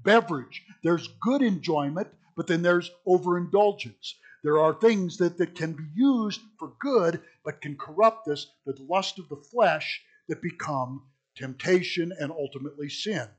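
A man preaching a sermon, stressing key words loudly, dropping to quiet asides, and calling his listeners folks. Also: on the high side, measured pace. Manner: emphatic, swinging between loud stresses and quiet asides.

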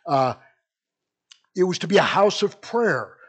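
A man's voice: high-pitched, big pitch swings, measured pace, fairly bright tone, husky. A middle-aged man preaching a sermon in a conversational, digressive way, often restarting his phrases. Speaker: pastor.

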